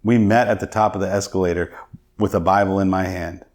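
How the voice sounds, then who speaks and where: A man's voice: low voice, steady tone, fairly quick, a little mellow. A middle-aged man, a podcast guest, telling his personal testimony in an earnest, reflective way.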